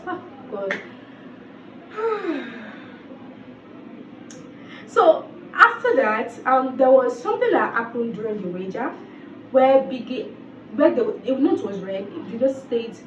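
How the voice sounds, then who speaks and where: A woman's voice: high voice, animated, slow pace, long pauses, background noise. A woman giving a casual, exasperated commentary and repeating phrases for emphasis. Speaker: reality TV commentator. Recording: roomy, distant, dull sound.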